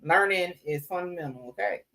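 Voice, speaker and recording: A woman's voice: fairly low pitch, animated, normal speed, creaky, fairly bright tone, poor audio. Blunt, cussing woman commentator. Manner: blunt and profane, with frequent fillers. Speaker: livestream co-host commenting. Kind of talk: casual commentary.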